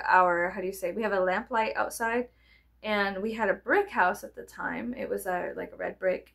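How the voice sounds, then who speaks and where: Gravelly woman, rambling and profane. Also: medium pitch. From American South. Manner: animated, profane, chatty, laughs often. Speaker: vlogger. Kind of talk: rambling casual storytelling.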